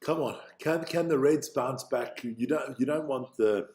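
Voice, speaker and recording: Reacting to a rugby match on his live stream, this South African host chats loosely, muses aloud and curses without restraint. He speaks at a measured pace in a medium-pitched, darkish voice.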